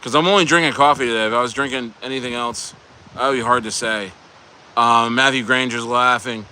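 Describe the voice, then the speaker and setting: A man's voice: medium pitch, a little fast, bright, forceful tone, a little hiss or hum. A man hosting a casual crypto livestream, bantering and joking loosely with viewers in the chat. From United States.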